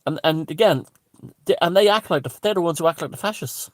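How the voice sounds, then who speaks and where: A man's voice: sits high, fast talker, no room sound, clean studio sound. A middle-aged Irish man giving a profane, sarcastic ranting monologue, full of "you know". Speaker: satirist.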